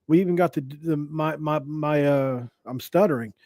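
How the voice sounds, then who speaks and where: A man's voice: on the high side, normal speed, darkish tone, no echo. Brief: male podcast host, rambling and loose, slightly raised voice, dry close sound. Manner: rambling, restarts, jokey asides. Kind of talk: casual sports podcast commentary.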